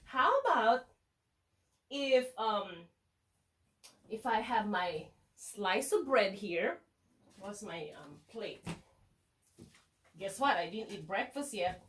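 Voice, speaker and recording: A woman's voice: mid-range voice, lively intonation, takes it slowly, pauses often, a bit bright, a little hiss or hum. A woman teaching a children's lesson in a playful, sing-song way, slicing and eating food as she talks.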